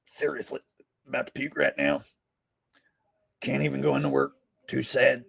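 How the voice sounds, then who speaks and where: Man doing a soft whimpering defeated host. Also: medium pitch, flat delivery, moderate pace, creaky, breathy edge, exaggerated voice. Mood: mopey. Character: defeated, tearful male talk-show host.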